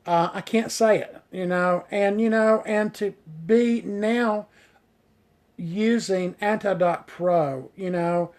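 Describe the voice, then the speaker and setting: Slow and high-pitched, with a darkish tone, a hairstylist hosts a casual live stream and answers comments. He's enthusiastic and rambling, saying "you know" a lot and getting tongue-tied on tough words.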